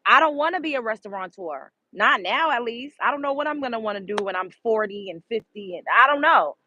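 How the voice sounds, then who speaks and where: A young adult woman hosting her own online show, talking in a blunt, animated casual monologue and swearing freely. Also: on the high side, fairly quick, dull audio, slight background noise.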